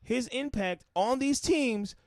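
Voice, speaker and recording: A man co-hosting a casual sports podcast, insistent and loud when arguing, swearing freely. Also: very high voice, takes it slowly, no room sound, clean studio sound. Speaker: podcast co-host.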